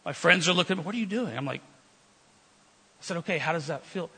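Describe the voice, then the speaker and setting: A man's voice: on the high side, lively intonation, a little fast, sharp tone, husky. A man preaching a fervent sermon in a church, telling stories with quoted dialogue. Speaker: guest preacher. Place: church sanctuary. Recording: long reverb of a church hall.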